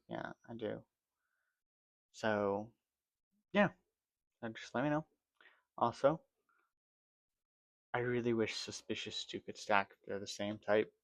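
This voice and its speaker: Man, gaming vlogger, sleepy, rambling, gravelly low voice, dry close mic. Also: no echo. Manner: rambling, yawning, self-correcting. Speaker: gaming channel host. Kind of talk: casual gameplay commentary.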